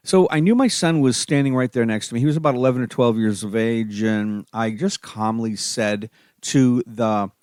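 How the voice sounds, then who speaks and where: A middle-aged man hosting a parenting podcast, telling a personal story and giving advice in a calm, steady manner. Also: mid-range voice, dry recording, studio quality. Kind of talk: solo podcast talk.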